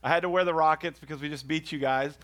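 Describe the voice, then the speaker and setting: A man's voice: on the high side, fairly even intonation, fast talker, fairly bright tone. A man from Houston, doing rambling, self-mocking stand-up storytelling. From Houston, Texas. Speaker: stand-up comedian.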